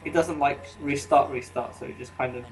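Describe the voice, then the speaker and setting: A man's voice: medium pitch, steady tone, brisk, poor audio. A man chatting casually on a call, rambling with lots of fillers. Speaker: guest on a voice call. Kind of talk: casual chat.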